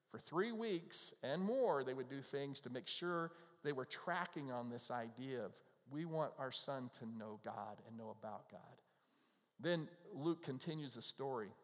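A middle-aged male pastor giving a casual, conversational sermon, often acting out the voices of people in the scriptures. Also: mid-range voice. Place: church. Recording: long reverb of a church hall.

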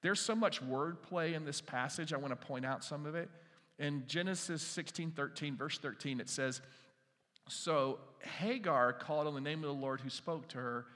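A man preaching a sermon in a conversational storytelling way, dropping quiet for emphasis. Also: mid-range voice, big-room sound. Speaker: pastor.

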